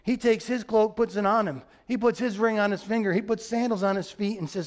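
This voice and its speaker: A man delivers a sermon from the pulpit, his voice sitting fairly high for a man. He preaches earnestly and emphatically, leaning on key phrases. He sometimes drops soft and low to stress a point. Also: steady tone, a little fast, hardly any pauses. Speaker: pastor.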